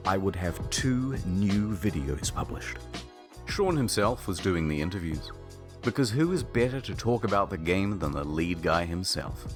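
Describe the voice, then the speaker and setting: Wry man narrating over music. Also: on the low side. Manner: dry, wry storytelling with sudden jokes. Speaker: narrator of a comedic internet documentary. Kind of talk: scripted comedic narration. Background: background music.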